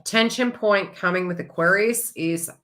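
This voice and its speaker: A woman giving a chatty, rambling astrology reading with animated asides. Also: medium pitch, unhurried. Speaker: astrology reader. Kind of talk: casual astrology forecast.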